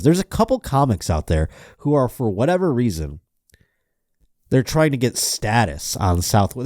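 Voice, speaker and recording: Sardonic, profane man with a dark voice. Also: fairly low pitch, dry recording, clean studio sound. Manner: profane, sardonic, riffing while reading articles aloud. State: running low on energy. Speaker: podcast host. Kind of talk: casual comedic podcast chat.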